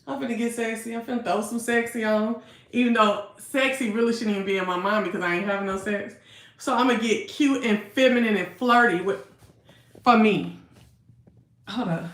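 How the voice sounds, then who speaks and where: A woman in her thirties, chatting casually on a livestream and answering viewers' comments with laughs and asides. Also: mid-range voice. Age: 30s. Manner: chatty, laughing, talking back to chat. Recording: echoey room.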